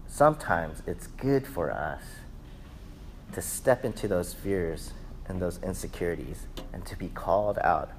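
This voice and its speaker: A man in his thirties preaching a sermon, telling lively family stories and then settling into a calmer teaching tone. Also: fairly low pitch, a little hiss or hum. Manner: animated storyteller who acts out family members' voices. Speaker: pastor.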